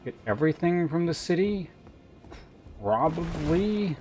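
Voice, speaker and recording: A man's voice: on the high side, expressive, unhurried, darkish tone, faint music behind. A young male streamer giving casual, filler-heavy commentary and muttering to himself as he plays.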